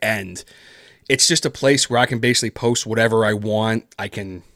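Low-voiced man chatting casually. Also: moderate pace, fairly bright tone, no echo, studio quality. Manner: rambling, filler-heavy, self-deprecating with laughs. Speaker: podcast guest, horror narrator. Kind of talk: casual interview chat.

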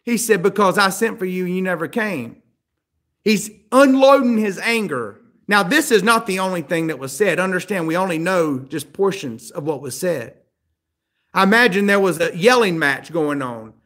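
A man's voice: sits high, lively intonation, normal speed, a bit bright. A man preaching a sermon, asking the listeners questions and acting out the voices of the people in the story. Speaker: pastor.

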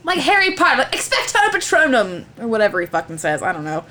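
A woman's voice: on the high side, huge pitch swings, fast, sharp tone. Podcast co-host, woman, casual joking storyteller, swears freely. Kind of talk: casual chat, retelling a legend.

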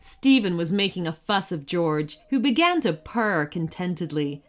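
Lively woman reading a children's story. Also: on the low side, normal speed. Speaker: narrator. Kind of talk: scripted children's story narration.

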